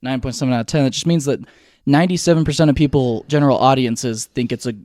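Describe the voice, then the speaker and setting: Young guy rattling off movie opinions quick, lots of um and anyways, dry close sound. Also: mid-range voice, a little mellow, no room sound. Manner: talks in quick bursts with many fillers and restarts. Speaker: film review podcast co-host. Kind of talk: casual chat.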